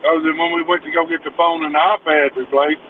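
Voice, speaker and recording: A man's voice: a little high, little pitch movement, fast. A man chatting frankly and offhandedly as a guest on a livestream. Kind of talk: casual livestream chat. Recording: lo-fi call audio with faint noise.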